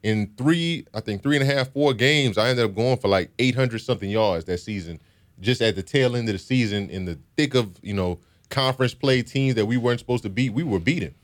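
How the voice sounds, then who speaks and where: A young Louisiana man from Baton Rouge, once a football player, reflects earnestly on his story in an interview. His medium-pitched voice runs a little fast, and "you know" crops up often.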